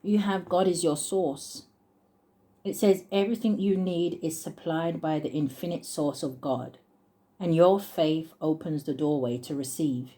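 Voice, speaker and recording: A woman giving a casual tarot reading on her channel, thinking aloud and chuckling as she reads card texts slowly. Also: sits low, mellow. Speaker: tarot reader.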